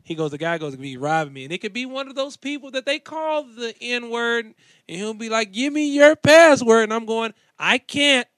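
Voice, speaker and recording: A man's voice: very high-pitched, expressive, fairly quick, fairly bright tone, dry recording, studio quality. A man in casual chat, animatedly retelling comedians' jokes and acting out their voices. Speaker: co-host discussing stand-up comedy.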